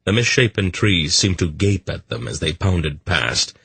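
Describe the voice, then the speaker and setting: A man narrating a fantasy audiobook in an even, measured storytelling manner. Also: low-pitched, husky, no echo.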